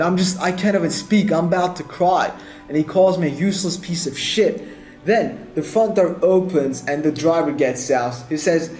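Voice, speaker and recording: A man telling a dramatic personal story in an animated way, his voice rising with excitement and sinking to low, sad murmurs. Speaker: video editing YouTuber. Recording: roomy echo with faint music bed.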